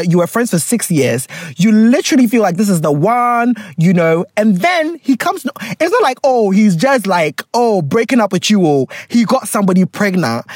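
A podcast host, a woman, reads a listener letter aloud in casual chat. Her pitch swings up and down with every comment, and her blunt, joking manner keeps cutting into the text. The recording is dry and close, with no room sound. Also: a little mellow, slightly rough, no room sound.

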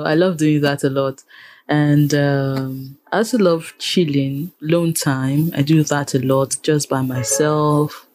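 Low-pitched with a darkish tone, this Nigerian radio presenter and programmer is the guest in a relaxed interview. She speaks with animation and repeats phrases to drive her points home.

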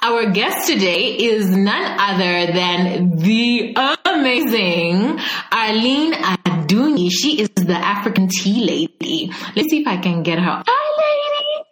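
A woman's voice: mid-range voice, lively intonation, slow, fairly bright tone, reverberant. A woman hosting a podcast, chatting casually, laughing often and sometimes breaking into song. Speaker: podcast host. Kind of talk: casual podcast intro and Instagram Live chat.

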